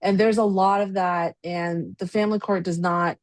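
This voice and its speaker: A woman's voice: lowish voice, steady tone, normal speed, dry recording. A woman hosting a podcast interview, chatting casually and affirming her guest often. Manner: supportive, frequent backchannel agreement. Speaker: podcast host.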